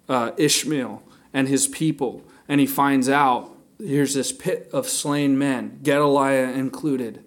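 Man teaching a casual Bible lesson. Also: medium pitch. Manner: conversational, thinks aloud with fillers and restarts, reads scripture aloud slowly.

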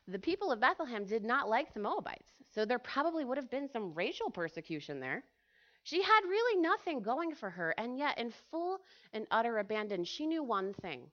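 Female church speaker, chatty sermon delivery, fairly high voice, muffled lo-fi recording. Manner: chatty, animated, filler-heavy, asks the audience questions. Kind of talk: casual sermon to a church group. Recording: dull lo-fi recording.

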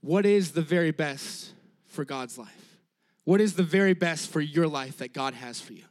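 High-voiced animated male preacher. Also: normal speed. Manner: animated, tags sentences with "all right?"; emphatic, repeats key phrases. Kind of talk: sermon.

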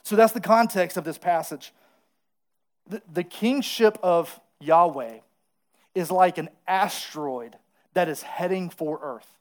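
Lively preacher man, call-and-response. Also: sits high, measured pace. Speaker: pastor. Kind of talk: sermon.

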